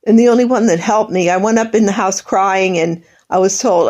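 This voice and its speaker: A woman's voice: fairly high pitch, expressive, moderate pace, darkish tone. Tearful, bitter middle-aged woman. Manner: bitter, accusing, rambling, voice breaking into tears. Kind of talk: emotional monologue.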